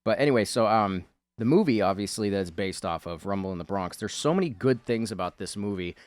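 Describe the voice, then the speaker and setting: A man's voice: lowish voice, animated, fairly quick, no echo. Rambling man over his drawing video. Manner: rambling, chatty, many fillers. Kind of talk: casual voice-over commentary.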